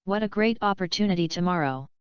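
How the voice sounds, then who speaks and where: A woman's voice: lowish voice, quick pace, smooth, no room sound, natural voice. A woman voicing a scheming middle-aged father from a wealthy family, pushy and eager, in a dull lo-fi recording.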